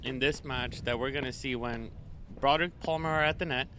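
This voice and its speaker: A man's voice: mid-range voice, fairly even intonation, brisk, sharp tone, slight background noise. A man from Sweden, a guest player breaking down a matchup analytically, often restarting sentences.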